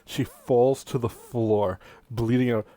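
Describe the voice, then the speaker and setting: A man narrating a tabletop role-playing game as game master, in a deliberate storytelling manner. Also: mid-range voice, steady tone, dark tone, dry recording, clean studio sound, faint music behind.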